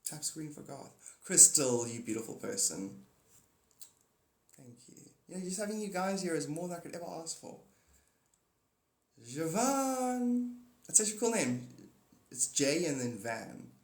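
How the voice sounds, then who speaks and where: Slightly high, very animated, and at a moderate pace with some vocal fry, this man chats loosely on a phone live stream, the sound roomy. Playful and rambling, he jumps between ideas, greets viewers by name, and bursts into goofy songs.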